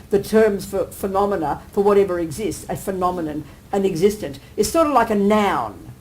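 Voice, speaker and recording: A woman Buddhist teacher gives a live dharma talk to an audience, animated and often asking listeners whether they agree. She acts out everyday exclamations with sudden lifts in her medium-pitched voice, and the audio is poor.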